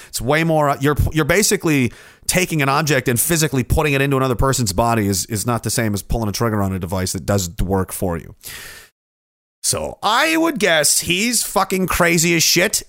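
Rambling, profane livestream host. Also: male voice, mid-range voice, a bit bright, no echo, clean studio sound. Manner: rambling, profane and cynical, with frequent restarts. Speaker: livestream host reading viewer comments. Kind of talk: casual livestream chat.

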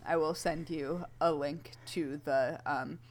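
A woman with a fairly low voice chats casually as a podcast co-host. She rambles and hesitates, breaking off sentences and restarting them. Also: steady tone, takes it slowly. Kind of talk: casual chat.

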